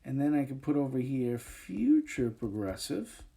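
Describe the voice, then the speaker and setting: A male teacher giving a recorded grammar lesson over a whiteboard, talking in a relaxed way with many fillers and frequent checks of "okay". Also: medium pitch, a little slow, creaky. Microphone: tablet microphone, voice-over.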